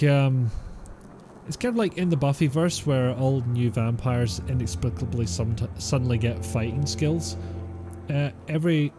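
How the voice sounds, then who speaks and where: A man streaming a game, chatty and wry in his asides. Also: medium pitch. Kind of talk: let's play commentary.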